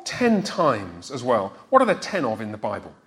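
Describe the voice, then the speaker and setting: A man's voice: mid-range voice, huge pitch swings, moderate pace, fairly bright tone, slight background noise. A man preaching a teaching sermon to a congregation, emphatic and quizzing his listeners as he explains scripture.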